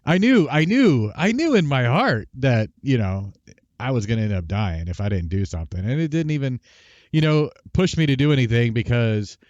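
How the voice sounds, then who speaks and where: A man hosting a gaming livestream, telling a long rambling story with restarts and asides, and speaking quietly at times. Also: medium pitch, lively intonation, moderate pace, dry recording, lo-fi sound. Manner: talks quietly at times for housemates. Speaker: streamer and show host. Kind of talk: casual livestream chat.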